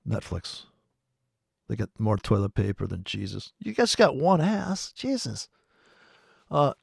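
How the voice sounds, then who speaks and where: A man with a gravelly voice rants about trading in a rambling, profane stream, swearing and breaking into sudden loud outbursts. His voice sits in a middle range and is recorded close and dry. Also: mid-range voice, no echo. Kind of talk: profane ranting monologue.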